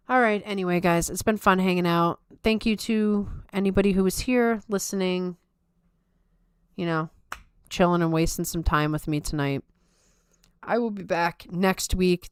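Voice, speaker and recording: A woman's voice: on the low side, clear, resonant tone, no echo, studio quality. A young adult woman hosting a podcast in casual, rambling chat, joking at herself with a playful Valley Girl lilt. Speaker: podcast host.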